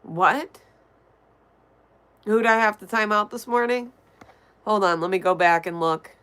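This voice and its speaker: A woman's voice: mid-range voice, unhurried, fairly bright tone, smooth. A woman streamer reading her chat aloud and answering it bluntly and offhandedly, vaping between remarks. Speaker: livestreamer. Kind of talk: casual chat reading viewer comments.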